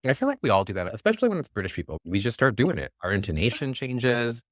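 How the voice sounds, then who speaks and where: A man's voice: mid-range voice, big pitch swings, quick pace, dry recording, clean studio sound. An American man hosting a podcast in casual chat, playful and jokey, telling stories with animation. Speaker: podcast host.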